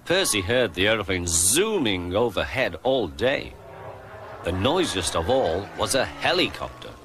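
A man narrating a children's storybook in a lively, expressive reading style. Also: fairly low pitch, measured pace. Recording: music playing underneath.

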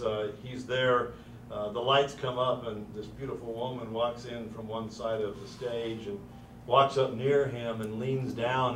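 A middle-aged man hosts a ceremony and tells a story, pausing often on "uh" in an easy manner. His voice sits in the middle range and sounds distant, with the echo of a large room around it. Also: medium pitch, a little hiss or hum. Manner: many "uh" fillers, relaxed storytelling. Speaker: university president hosting a ceremony. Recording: roomy, distant from the mic.

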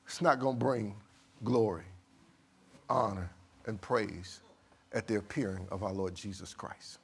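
With a gravelly, husky voice, a male pastor reads scripture in his sermon at a measured cadence. His delivery moves between hushed, low stretches and loud, high outbursts.

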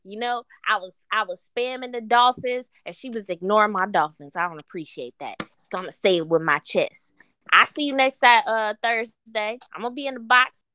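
Bright-voiced woman whining half joking about a grudge, swears a lot. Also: medium pitch, normal speed, no echo. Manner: playfully aggrieved, profane. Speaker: participant in a live app room. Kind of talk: casual live-stream complaining.

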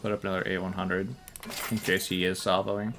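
Low-voiced man thinking aloud over a game. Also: level tone, brisk, gravelly, fairly bright tone, faint music behind. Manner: thinks aloud, swears, muttering. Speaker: gameplay commentator. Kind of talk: casual gameplay commentary.

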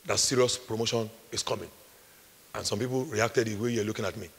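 Man, Nigerian accent, pastor, emphatic sermon, gravelly husky voice. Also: lowish voice, steady tone, brisk. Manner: preaching with emphatic repetition, rising to shouts. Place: large hall at a retreat. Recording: echoey hall, long reverb.

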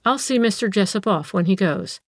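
A woman's voice: mid-range voice, lively intonation, fairly quick, no room sound, lightly acted. Dry-spoken wary aunt, read by a woman. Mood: suspicious. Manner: dry, questioning remarks.

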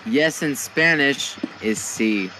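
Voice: mid-range voice, expressive, slow, bright, forceful tone, a little hiss or hum. A gamer chatting while playing, explaining things to friends. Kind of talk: casual gaming chat.

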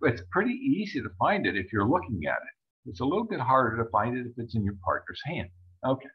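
A man's voice: medium pitch, big pitch swings, fast, lo-fi sound. A man teaching a card-game lesson as he walks through a hand on screen, chatting and acting out what the players think. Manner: chatty, acts out players' thoughts in little voices. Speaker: bridge teacher. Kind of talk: screen-share lesson walkthrough.

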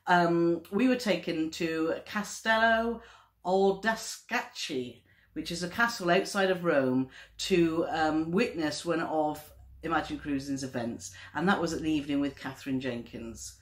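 A woman's voice: low voice, measured pace. Gushing woman vlogger in a roomy room. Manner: chatty and gushing, often turns to her partner with tag questions. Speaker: travel vlogger co-host. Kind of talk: casual chat. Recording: roomy echo.

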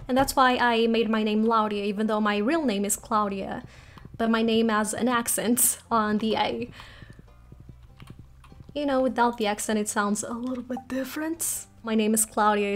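A woman commentating casually over her gameplay, giggly and chatty, thinking aloud as she goes. Her voice sits a little high, and soft music plays underneath. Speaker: let's play host.

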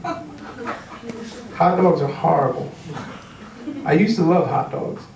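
A man's voice: sits high, animated, takes it slowly, vocal fry. Rambling young male stand-up comic. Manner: rambling, self-deprecating, stumbling restarts. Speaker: stand-up comedian. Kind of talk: stand-up routine. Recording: roomy club sound from far off, audience noise.

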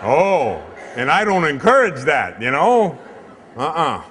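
A man's voice: on the high side, takes it slowly, slight background noise. A priest giving a comic, storytelling sermon in church, acting out the people in his tale. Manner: animated, comic storyteller who acts out the other people in the tale. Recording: long hall reverb.

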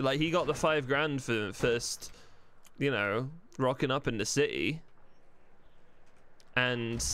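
A man's voice: medium pitch, a bit bright, slight background noise. Rambling, swearing male streamer. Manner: rambling, swears freely, thinks aloud. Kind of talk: live-streamed roleplay gameplay chat.

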